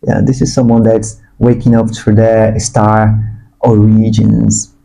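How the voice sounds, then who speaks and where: Mellow-voiced man giving a tarot reading. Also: fairly low pitch, takes it slowly, creaky, poor audio. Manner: earnest, spiritual, prone to excited bursts. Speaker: tarot reader.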